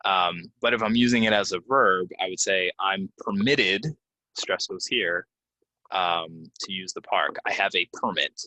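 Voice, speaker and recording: Low voice guy explaining words, lots of ums, dry sound. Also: fairly even intonation, bright, forceful tone, dry recording, poor audio. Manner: casual, explains with many fillers and repeats words slowly. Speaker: English pronunciation teacher. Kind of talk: relaxed video lesson. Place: Florida.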